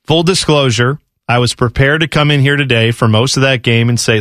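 A man's voice: mid-range voice, steady tone, a little fast, fairly bright tone, no echo, studio quality. A man co-hosting a sports talk show in casual banter, rambling and laughing, often acting out quotes in other voices. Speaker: radio sports show co-host.

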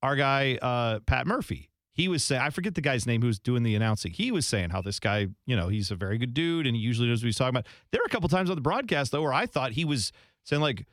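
A man co-hosting a casual sports podcast, talking in an animated way and mimicking announcers in high, exaggerated bursts. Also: fast, no room sound, clean studio sound. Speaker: podcast co-host.

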